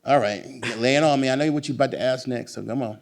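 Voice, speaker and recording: A man appearing as the guest author at a bookstore event speaks fast in a mid-range, medium-pitched voice. Animated and emphatic, he lets his answers spin off into long, energetic tangents.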